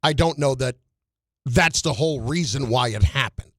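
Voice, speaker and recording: Bright-voiced man hosting sports radio. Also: mid-range voice, dry recording. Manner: measured, clarifying his point. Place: radio studio.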